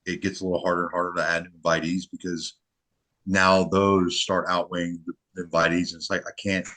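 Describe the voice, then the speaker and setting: A middle-aged man with a very low, deep voice, chatting in a relaxed podcast conversation. He talks earnestly and loosely, often circling back and restarting his sentences. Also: brisk. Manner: earnest, rambling, many restarts. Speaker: match director. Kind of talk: casual podcast chat.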